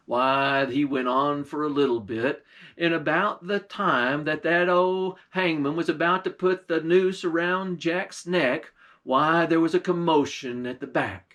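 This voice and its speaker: A man's voice: a little high, unhurried, a bit bright. A man, a pastor, telling a folktale in a folksy, old-time dialect. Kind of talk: folktale storytelling.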